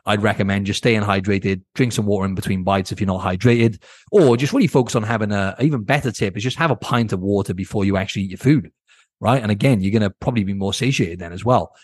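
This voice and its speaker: A man's voice: lowish voice, fast, no echo, clean studio sound. Blunt casual man hosting a podcast. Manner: blunt, casual, keeps asking "right?", swears. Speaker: podcast host and coach. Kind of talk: solo podcast advice talk.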